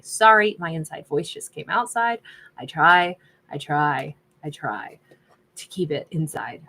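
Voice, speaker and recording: A woman's voice: low voice, expressive, a little slow, sharp tone. A woman doing a casual tarot reading, chatty and sassy, laughing often and reading out viewer names. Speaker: tarot reader.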